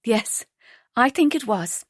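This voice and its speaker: A woman narrator voicing an eager young woman in love who speaks in a bright, raised and breathless way. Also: a little high, animated, slow, no room sound, clean studio sound. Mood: excited.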